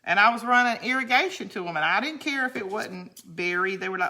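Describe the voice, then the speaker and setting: A woman's voice: mid-range voice, expressive, fast talker, hardly any pauses, a little hiss or hum. A middle-aged woman, chatting in a rambling way and laughing often as she hosts a crafting video. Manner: chatty and rambling, laughs often, drops to a quiet count under her breath. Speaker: crafting channel host. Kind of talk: casual chat while crafting.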